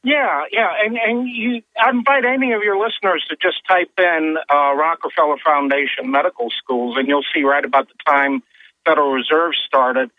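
A man's voice: on the high side, steady tone, moderate pace, dry recording. A man calling in to a radio show, explaining his point in an earnest way. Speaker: caller. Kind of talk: phone-in call. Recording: tinny phone line.

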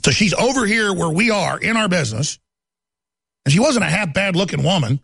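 A man's voice: sits high, lively intonation, fairly quick, vocal fry, a bit bright, husky, no echo. A man hosting a talk show, delivering a heated political monologue in a contemptuous, ranting way with stammered repeats.

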